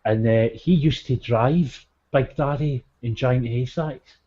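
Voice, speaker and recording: Podcast co-host, casual sweary storyteller; dull audio. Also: male voice, mid-range voice, takes it slowly, mellow. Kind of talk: casual chat.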